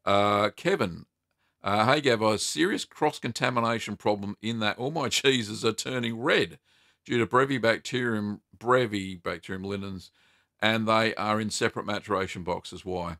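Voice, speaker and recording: A man's voice: lowish voice, normal speed, gravelly, pushed and bright, no echo, clean studio sound. A middle-aged man, hosting a casual live Q&A and reading chat questions aloud in an upbeat, chatty way with lots of ums and easy laughs. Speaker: cheese-making livestream host.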